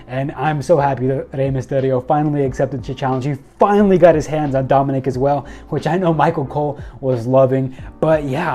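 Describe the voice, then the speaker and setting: Excited young man recapping wrestling. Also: fairly high pitch. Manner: excited, rapid storytelling with fillers and quoted lines. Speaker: wrestling show reviewer. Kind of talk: casual recap and commentary.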